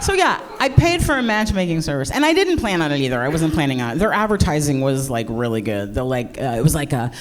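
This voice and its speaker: A woman's voice: low voice, big pitch swings, quick pace, few pauses. A middle-aged American woman doing live stand-up, brash and profane, mocking herself and playing to the crowd. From United States. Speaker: stand-up comedian.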